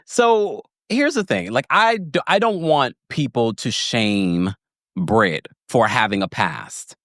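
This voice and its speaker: A chatty man recaps reality TV for his podcast audience, cutting himself off mid-thought and laughing as he retells the drama. His pitch jumps around in a lively, animated way. The sound is dry and close, with no room echo. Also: slow. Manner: gossipy, laughs often, acts out quotes; chatty, self-interrupting storyteller. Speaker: podcast host. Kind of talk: casual TV recap commentary.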